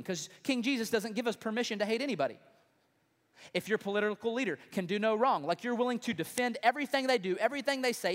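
A man preaching a sermon as pastor, emphatic and conversational, with frequent rhetorical questions, in a large church auditorium. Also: sits high. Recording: long reverb in a large hall.

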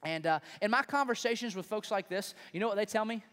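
A man's voice: high-pitched, fast talker, a bit bright. A man preaching a sermon as pastor, emphatic and conversational, with frequent rhetorical questions, in a large church auditorium. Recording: long reverb in a large hall.

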